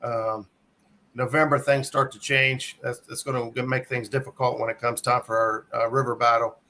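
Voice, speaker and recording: A man on a casual fishing livestream, explaining his tactics in a steady way. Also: mid-range voice, normal speed, a little hiss or hum. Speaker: co-host, river angler.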